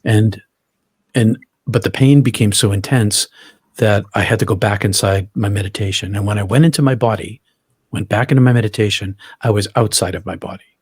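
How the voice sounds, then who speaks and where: Middle-aged male guest, husky and lowish, earnest vivid storyteller who restarts his phrases. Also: brisk, darkish tone, no room sound, studio quality. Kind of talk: personal storytelling in an interview.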